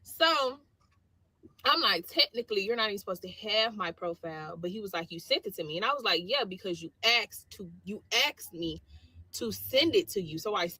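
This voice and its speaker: A woman soldier telling a story in a vlog clip, animated and slangy as she retells a dialogue. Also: medium pitch, moderate pace, breathy edge, no room sound.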